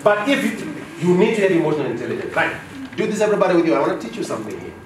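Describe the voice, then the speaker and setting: Animated male trainer in an echoey room. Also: high voice, very fast, very noisy. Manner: animated, asks the class questions and acts out dialogues. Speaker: business trainer. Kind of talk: classroom workshop lecture. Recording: roomy echo from far off.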